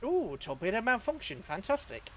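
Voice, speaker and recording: A man's voice: high-pitched, sing-song, normal speed, a little hiss or hum. Chatty man streaming a game. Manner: chatty, chuckling, talks to chat. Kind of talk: live gameplay commentary.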